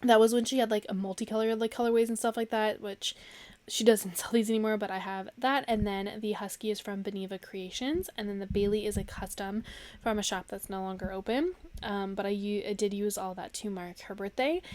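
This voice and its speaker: A woman's voice: mid-range voice, fairly even intonation, brisk, a little mellow, dry recording. Bubbly rambling young woman vlogger. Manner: bubbly, rambling, laughs often, many fillers. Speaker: planner vlogger. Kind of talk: casual chatty planner walkthrough.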